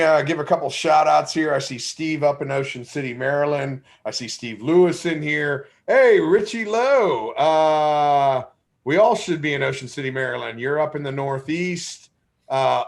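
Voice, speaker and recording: A man hosting a live fishing show, chatting casually with loud, jokey, teasing banter. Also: on the high side, creaky. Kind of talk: casual live-stream chat.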